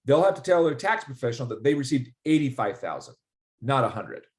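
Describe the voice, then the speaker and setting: Male guest, mid-pitched, chatty, acts out the dialogue in his stories. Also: a little fast. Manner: animated storyteller, acts out quoted dialogue. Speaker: ERC specialist guest. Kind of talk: casual explanatory interview.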